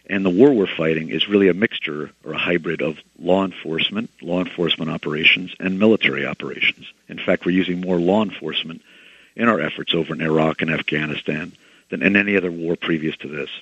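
Deep husky man explaining policy. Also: fairly bright tone, no room sound. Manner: measured, explanatory, policy-wonk phrasing. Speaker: guest author on a legal topic. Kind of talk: radio interview. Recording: dull lo-fi radio sound.

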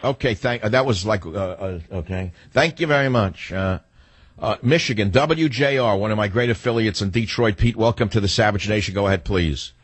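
A man's voice: fairly low pitch, fairly quick, husky, no echo. A man hosting a political talk radio show, blunt and opinionated, rambling with restarts as he takes callers. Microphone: studio microphone.

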